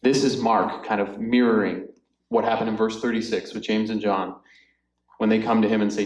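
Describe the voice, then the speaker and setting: A man's voice: fairly low pitch, little pitch movement, brisk. A man leading a Bible study in a loose, chatty way, full of fillers and asides. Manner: chatty, filler-heavy, often laughs. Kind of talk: casual Bible study teaching. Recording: echoey room.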